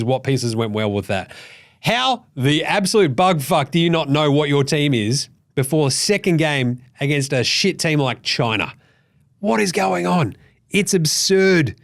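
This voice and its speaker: An Australian man hosting a basketball show, ranting in a profane, animated and exasperated way. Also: on the high side, moderate pace. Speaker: basketball podcast host. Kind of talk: ranting casual commentary.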